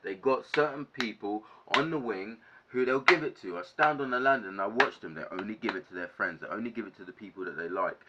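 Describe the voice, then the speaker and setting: A young man telling a casual storytime to camera, animated, ranting and swearing a lot. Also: lowish voice, a little fast, very noisy. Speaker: vlogger. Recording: dull lo-fi sound.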